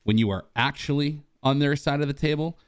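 A man on a podcast sharing a relaxed, reflective closing thought. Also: a little high, fairly quick, smooth, no room sound, studio quality. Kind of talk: podcast discussion.

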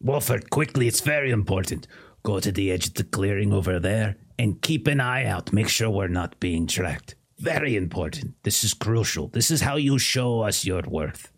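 A man's voice: on the low side, animated, normal speed, slightly rough. A man playing a tabletop game, bantering in a playful, scheming way. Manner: playful, scheming, laughs often. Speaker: player.

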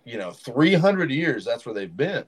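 A man's voice: mid-range voice, moderate pace, breathy edge. A man in a podcast studio spins yarns about backcountry fishing, slipping into the voices of the people he meets along the way. His tone is casual and his talk rambles like easy chat. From Southern United States. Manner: animated storyteller who acts out quoted locals. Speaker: fishing guide.

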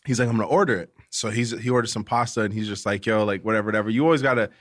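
A man's voice: fairly low pitch, rapid-fire, dry recording. Man telling a story, dry sound. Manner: animated retelling with quoted dialogue and swearing. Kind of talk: casual storytelling chat.

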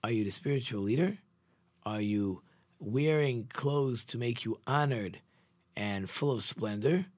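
A man, a rabbi, telling a parable in a sermon and acting out the characters' lines with lively shifts. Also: mid-range voice, unhurried, dry recording. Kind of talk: sermon storytelling.

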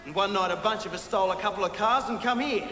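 An actor playing a hostile young drifter, speaking in a film scene. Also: male voice, sits high, fast talker, bright, forceful tone. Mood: confrontational. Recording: echoey film clip with background noise.

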